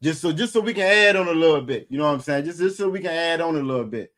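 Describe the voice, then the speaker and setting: Man, slightly high voice, casual language lesson, repetitive, many fillers. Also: expressive, fast talker, fairly bright tone. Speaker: Hebrew language teacher.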